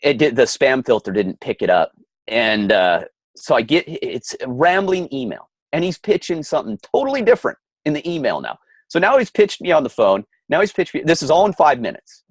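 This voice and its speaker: A man's voice: mid-range voice, big pitch swings, fairly quick, husky, no echo. Middle-aged man ranting in casual chat. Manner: heated, stammering restarts. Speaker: podcast co-host.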